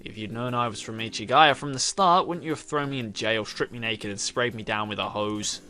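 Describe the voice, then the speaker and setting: A man voicing an unflappable young male student, speaking in a low, flat deadpan, reading game dialogue aloud. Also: brisk, clean tone, lightly acted.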